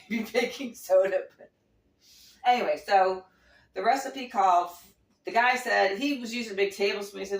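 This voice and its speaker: Woman, rambling kitchen chat, mid-pitched voice, roomy echo. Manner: chatty and rambling, frequent restarts and little laughs. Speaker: home cooking vlogger. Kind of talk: casual kitchen demo chat. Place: home kitchen.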